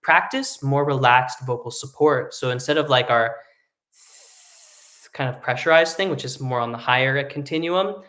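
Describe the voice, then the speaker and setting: A man who sings tenor, teaching a live singing lesson in a relaxed, explanatory way, with hummed and sung demonstrations. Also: mid-range voice, normal speed. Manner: explains casually, demonstrates hums and sung vowels.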